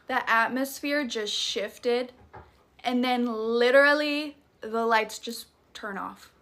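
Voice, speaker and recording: A woman's voice: fairly high pitch, slow, fairly bright tone. A woman with a Southern US accent telling a spooky personal story in a chatty, profane, dramatic way. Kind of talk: casual storytime vlog.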